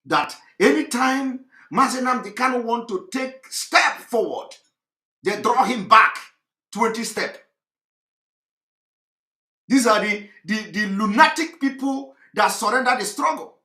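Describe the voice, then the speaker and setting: A man delivering an impassioned, mocking monologue, often shouting and repeating himself. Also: very high voice, animated, a little slow, roomy sound. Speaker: commentator.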